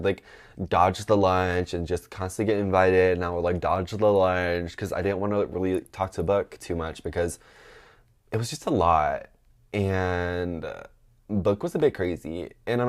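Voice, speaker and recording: Chatty young man, very low voice. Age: 20s. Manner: chatty, filler-heavy, gossipy asides. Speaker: podcast host. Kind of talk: casual storytelling.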